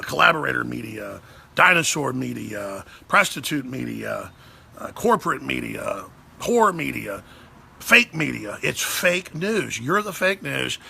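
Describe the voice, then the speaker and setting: Gravelly, tense man ranting. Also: sharp tone. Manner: heated and sarcastic, swings pitch and pace. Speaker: talk show host. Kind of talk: angry political rant.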